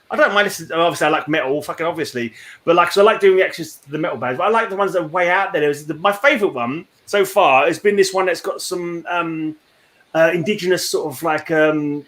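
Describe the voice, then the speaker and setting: A man's voice: a little high, fairly bright tone. A man hosting a casual podcast video call, chatting loosely, rambling and swearing now and then. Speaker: podcast host.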